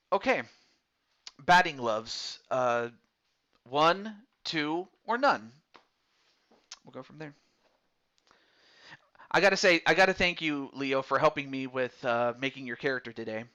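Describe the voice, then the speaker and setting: A man's voice: mid-range voice, expressive, a little slow, long pauses, pushed and bright, highs cut off. A man casually talking through a baseball game's character creation menus, reading out choices to a viewer as he picks them. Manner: chatty, talks through menu choices aloud. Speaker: streamer. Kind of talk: casual game commentary.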